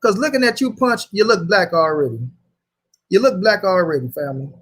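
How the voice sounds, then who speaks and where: A man runs a casual livestream and argues hard. His voice sits fairly high, and he swears freely as he reads viewer comments aloud. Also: expressive, fairly quick, fairly bright tone. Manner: heated, profane, reads chat aloud. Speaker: host.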